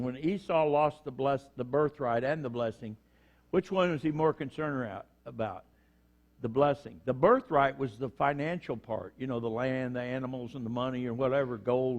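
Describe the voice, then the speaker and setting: A man's voice: medium pitch, darkish tone, muffled recording. An older man preaching a sermon, telling folksy stories and acting out the people in them. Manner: folksy storytelling, acts out quoted voices. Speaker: pastor.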